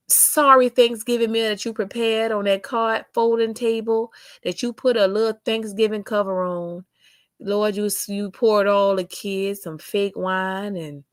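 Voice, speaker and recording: A woman's voice: medium pitch, dry recording, studio quality. A young adult woman hosting a casual livestream, reading chat comments aloud with sassy drawling asides.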